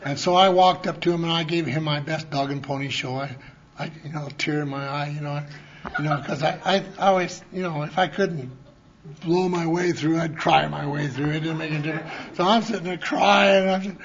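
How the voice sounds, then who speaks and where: High-voiced folksy man telling stories. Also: fairly quick. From Montana. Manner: folksy, rambling, many restarts, acts out quoted voices. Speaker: conference speaker. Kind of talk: recovery talk storytelling. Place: conference hall. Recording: lo-fi conference tape.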